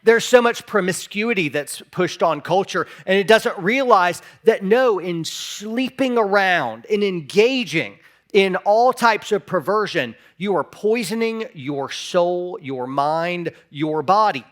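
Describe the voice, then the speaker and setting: Impassioned high-voiced male pastor preaching. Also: expressive, takes it slowly, fairly bright tone. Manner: impassioned preaching, acts out imagined replies in a raised voice. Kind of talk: sermon.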